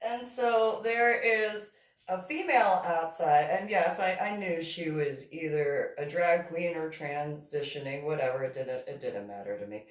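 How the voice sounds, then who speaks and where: A woman's voice: low-pitched, measured pace. A woman telling a story from her own life in a casual monologue, turning stern and scolding when she quotes herself. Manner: animated, stern scolding when quoting herself, laughs often. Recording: roomy echo, distant from mic.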